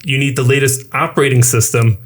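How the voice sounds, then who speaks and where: A man's voice: medium pitch, fairly even intonation, fast talker, breathy edge. A man co-hosting a casual podcast chat, animatedly retelling his own reactions. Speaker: co-host, new media professor.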